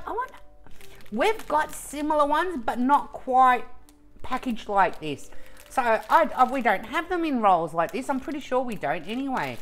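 A woman's voice: high-pitched, big pitch swings, takes it slowly. A woman in a casual unboxing vlog who gushes with emotion and often breaks off in the middle of a sentence. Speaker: vlogger.

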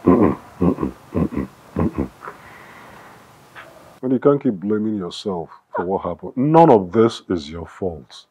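An actor with a Nigerian accent playing a husband who calms his crying wife with soft, pleading reassurance. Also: deep voice, slow, breathy edge, highs cut off, heavily acted. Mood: soothing. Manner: soothing, pleading, murmured reassurance.

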